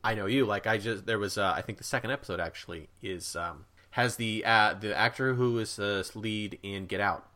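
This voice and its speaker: A man's voice: lowish voice, normal speed, hardly any pauses, bright, forceful tone. A man from the United States co-hosting a podcast, chatting casually in an eager, jokey way with many fillers. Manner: enthusiastic, filler-heavy, jokey. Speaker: podcast co-host. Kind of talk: casual chat.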